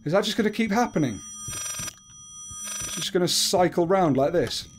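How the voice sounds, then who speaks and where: A man's voice: sits high, animated, normal speed, background noise. A young man giving casual commentary as he plays a horror game. He talks to himself, gets jumpy and swears often. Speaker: gaming video creator.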